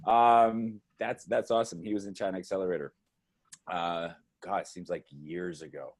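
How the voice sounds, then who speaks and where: A man hosting a casual live video chat, excitable and chatty with many fillers, speaking over a video call. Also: low-pitched, normal speed. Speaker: livestream host.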